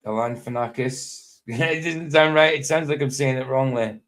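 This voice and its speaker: Man, live stream host, casual rambling chat, chuckles often, mid-pitched voice. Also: moderate pace, a bit bright. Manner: rambling, chuckling, talks to himself.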